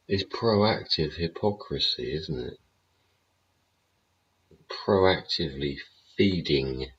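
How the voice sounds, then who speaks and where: A man's voice: rumbling low, slight background noise. A man hosting a show, ranting bluntly and sarcastically with heavy swearing. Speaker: show host. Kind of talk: ranting livestream commentary. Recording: dull lo-fi audio.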